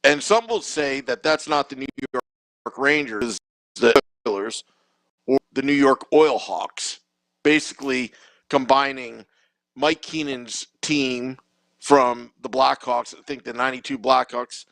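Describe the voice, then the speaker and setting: A man's voice: medium pitch, a little slow, gravelly, fairly bright tone, dry recording, rough recording. A man co-hosting a podcast, talking in a rambling, opinionated way with many restarts. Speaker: podcast co-host. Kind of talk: casual sports chat.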